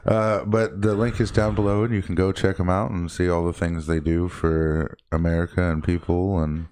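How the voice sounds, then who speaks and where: A man's voice: low voice, flat delivery, normal speed, a little mellow, smooth, no echo. A man co-hosting a podcast, chatting casually in a joking, rambling way. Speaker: podcast co-host. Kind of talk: casual chat.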